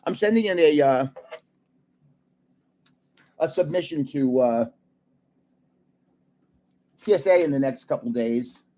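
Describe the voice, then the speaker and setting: An older man hosts a trading card live stream in a loose, chatty way. He tells stories with plenty of laughs and keeps talking to his viewers. His voice sits a little on the high side for a man. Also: slow, long pauses, mellow. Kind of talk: casual live-stream chat and storytelling.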